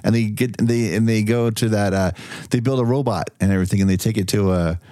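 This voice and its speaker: A man co-hosting a casual movie review podcast, animated and profane, laughing often. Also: fairly low pitch, quick pace, no echo, studio quality. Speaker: podcast co-host.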